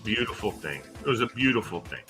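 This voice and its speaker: Animated older man telling school stories. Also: fairly quick, faint music behind. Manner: animated storyteller acting out quoted kids in a higher voice. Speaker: podcast host, former school coach. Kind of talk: casual storytelling chat.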